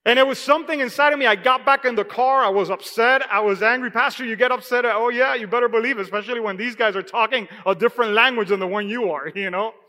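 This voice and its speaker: A man with a high, bright, ringing voice preaches to his congregation. He tells a personal story in a loose, conversational way, dotted with "you know." His voice trails off into a long church-hall echo. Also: quick pace, hardly any pauses. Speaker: pastor. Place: church sanctuary.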